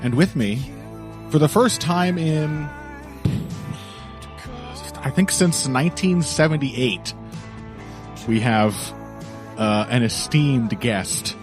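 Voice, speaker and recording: A man's voice: mid-range voice, slow pace, long pauses, over music. A man hosting a podcast in casual chat, joking and laughing often. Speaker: podcast host.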